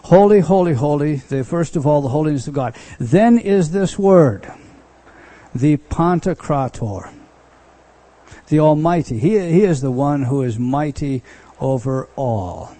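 A man teaching scripture from the pulpit, his voice mellow and a little higher than most men's. He talks in a conversational way, restarting phrases and leaning hard on key words for emphasis. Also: lively intonation, measured pace, dry recording. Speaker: pastor teaching a Bible study. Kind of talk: expository sermon teaching.

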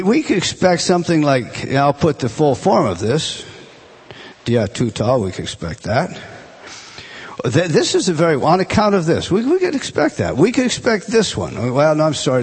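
A man teaching a Bible class, emphatic and animated, restarting phrases often as he explains a text. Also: medium pitch, husky.

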